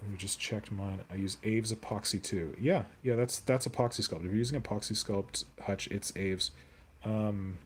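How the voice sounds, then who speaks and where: A man's voice: on the low side, darkish tone, a little hiss or hum. A young man chatting casually on a live stream while he sculpts, rambling and answering viewer comments aloud.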